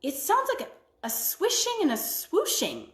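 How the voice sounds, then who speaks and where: A woman voicing a brave, quick-thinking young girl in an earnest voice. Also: high-pitched, wildly swooping pitch, reverberant, voice pushed up, heavily acted.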